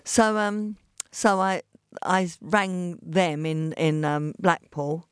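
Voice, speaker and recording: A woman with an East London accent, a guest telling lively stories in a podcast interview and acting out the voices of the people in them. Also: on the low side, slow pace, clear, resonant tone, no room sound, studio quality. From England. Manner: animated storyteller acting out quoted voices.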